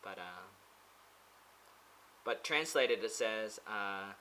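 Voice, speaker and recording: A man's voice: fairly low pitch, lively intonation, very slow, sharp tone, a little hiss or hum, low-quality recording. A man vlogging from a pagoda in a rambling, casual monologue. He hesitates often, with many fillers and restarts.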